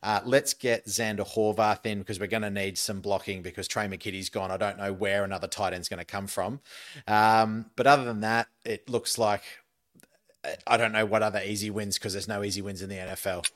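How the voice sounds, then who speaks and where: An Australian man with a somewhat low voice hosts a relaxed sports podcast. He reads out quiz questions to his mates and teases them as he does. The talk is loose and conversational. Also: fairly quick. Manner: quizmaster, reads questions out teasingly. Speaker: podcast co-host. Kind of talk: casual podcast chat.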